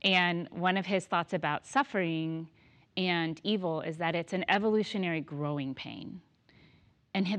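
A chatty woman in her thirties with a lowish voice, telling stories in a relaxed conversation. She laughs often and gets animated as she talks. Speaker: guest. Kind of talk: casual conversation.

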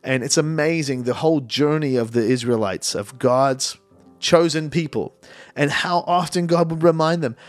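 A man's voice: on the high side, fairly quick, hardly any pauses, dry recording, soft background music. Male pastor preaching, dry sound. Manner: conversational preaching, repeats words when emphasizing. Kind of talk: sermon.

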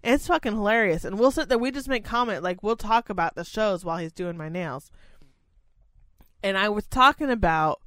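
A woman tells a meandering story on a casual podcast, dropping swear words as she goes. Her voice comes through smooth and clear. The sound is dry and close, with no room echo. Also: medium pitch, animated, brisk, a bit bright. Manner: rambling, profane storytelling. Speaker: podcast co-host. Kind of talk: casual chat.

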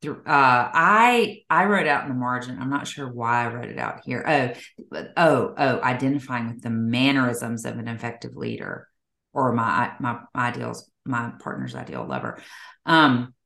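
A woman's voice: a bass voice, expressive, moderate pace, vocal fry, a bit bright, roomy sound. A woman co-hosting a casual chat, musing aloud and rambling with many restarts. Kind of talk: casual conversational chat, sometimes reading aloud.

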